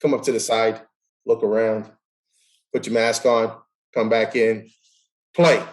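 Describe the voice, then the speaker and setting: Telling animated stories and acting out the dialogue, this man hosts a relaxed interview in an unhurried, lowish voice. The audio quality is poor.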